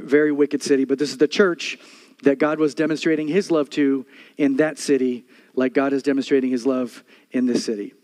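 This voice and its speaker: An older man preaching a sermon as a pastor, passionate, moving between soft storytelling and loud repeated declarations. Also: mid-range voice.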